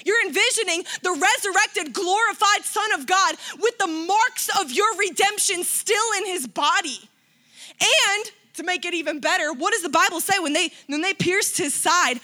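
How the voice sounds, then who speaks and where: A woman's voice: extremely high pitch, bright, forceful tone. A woman preaching a sermon with passion, driving her points home by repeating phrases. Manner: impassioned, emphatic, repeating phrases.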